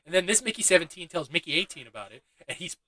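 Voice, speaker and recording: A man's voice: on the high side, very animated, racing, bright, forceful tone, low-quality recording. A young man giving a loose, chatty movie review, swearing freely and laughing at his own asides. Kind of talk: casual spoken film review.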